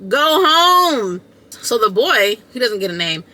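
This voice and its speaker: A woman content creator telling a storytime vlog, animated and emphatic, in a casual slangy way that repeats points for effect. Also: medium pitch, normal speed.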